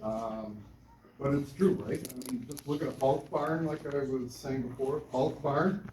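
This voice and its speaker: A man's voice: medium pitch, steady tone, a little slow, dark tone, slight background noise. A male university lecturer giving a class lecture, talking with students and often checking in with "right?". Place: lecture hall. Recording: echoey classroom from far off.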